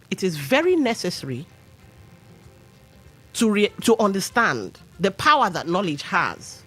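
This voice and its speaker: Nigerian woman, radio host, lively swooping delivery, opinionated talk, faint music under her. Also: mid-range voice. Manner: animated, opinionated, mixes in pidgin asides. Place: radio studio.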